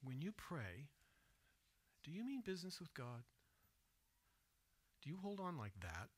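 A man preaching a sermon in church, swinging between hushed, soft retelling and loud, emphatic asides, and asking his listeners direct questions. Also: on the high side, sing-song, unhurried. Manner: asks the congregation direct questions. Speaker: pastor. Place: church sanctuary.

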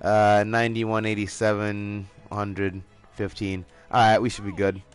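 A man livestreams a monster hunting game, chatting casually with a friend while faint music plays behind him. His voice is fairly low, clear and resonant, with a measured pace, and he curses a lot, gets excited and laughs often.

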